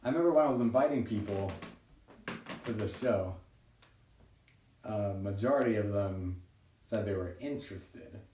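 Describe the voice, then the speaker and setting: A man with a low, mellow voice rambles through a self-deprecating stand-up set streamed from his home, chuckling at his own jokes. He sits back from the mic, and the room rings around him. A faint noise hums underneath. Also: moderate pace, pauses often. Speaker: stand-up comedian. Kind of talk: live-streamed stand-up monologue. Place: at home during quarantine. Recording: roomy, distant home recording with faint noise.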